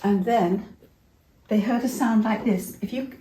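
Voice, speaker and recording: A woman's voice: medium pitch, measured pace, warm tone, echoey room, slight background noise, poor audio. An older woman telling a Bible story to young children, chatty and interactive, asking them questions as she goes.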